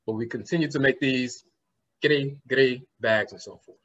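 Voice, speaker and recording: A man's voice: mid-range voice, normal speed, a bit bright, a little hiss or hum. A man giving a conference lecture, explaining word roots and spelling terms out letter by letter, often trailing off with "and so forth". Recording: slightly muffled lo-fi recording.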